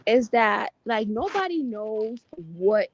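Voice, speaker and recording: Lively, high-voiced woman podcast host. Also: slow, highs cut off, slight background noise. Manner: animated, exclaiming, swears freely. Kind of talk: casual gossip chat.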